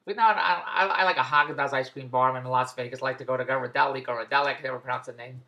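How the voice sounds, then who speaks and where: A man vlogging about his day at a shopping mall, rambling and repetitive, breaking into loud plugs for his business. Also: mid-range voice, steady tone, racing, gravelly, roomy sound, lo-fi sound. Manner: repetitive, tangential, with loud self-promoting plugs. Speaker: vlogger and online business owner. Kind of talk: rambling casual vlog.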